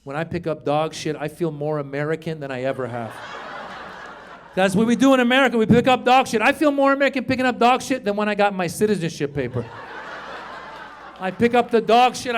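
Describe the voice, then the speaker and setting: A middle-aged man from Iran doing an animated stand-up set on a club stage, acting out shouted quotes as he tells stories. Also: high voice, slight background noise. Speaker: stand-up comedian. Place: comedy club stage with live audience.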